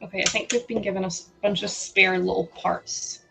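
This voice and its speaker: Gravelly-voiced woman streamer. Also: medium pitch, little pitch movement, brisk, over music, poor audio. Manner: chatty, giggly, reacts to chat aloud. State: sore throat. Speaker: livestream host. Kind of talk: casual livestream chat while building. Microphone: headset.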